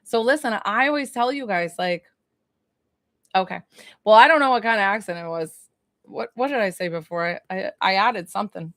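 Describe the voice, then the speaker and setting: A woman from New York giving a spiritual reading to a livestream audience. She gushes, laughs easily and keeps calling out to viewers in a middle-pitched voice. The sound is dry and close, like a phone held near. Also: moderate pace, fairly bright tone, dry recording. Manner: gushing, laughs often, talks to viewers. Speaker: psychic medium.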